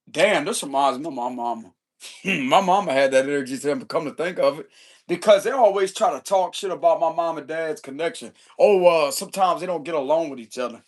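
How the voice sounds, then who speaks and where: A man giving a casual tarot reading in loose, profane, slangy chat, chuckling often. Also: a little high. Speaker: tarot reader.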